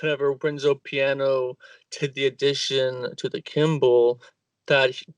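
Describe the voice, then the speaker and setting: A man's voice: mid-range voice, flat delivery, measured pace, no echo, distant mic. A man in a casual conversation about architecture, searching for words and stumbling as he goes.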